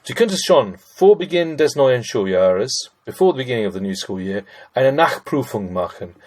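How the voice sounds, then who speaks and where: With a mid-range, sing-song voice and a darkish tone, this middle-aged man moves at a moderate pace through a screen-recorded German grammar lesson. He's chatty, reasons out loud over each sentence, and addresses everyone as ladies and gents.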